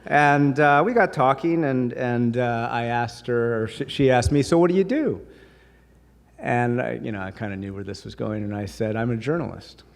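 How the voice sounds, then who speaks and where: A man's voice: mid-range voice, fairly even intonation, normal speed, vocal fry, hardly any pauses. A man giving a conversational, anecdotal speech at a dinner, slipping humor into his stories. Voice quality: voices others in quoted bits. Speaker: speaker at a dinner. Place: large hall. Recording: long hall reverb.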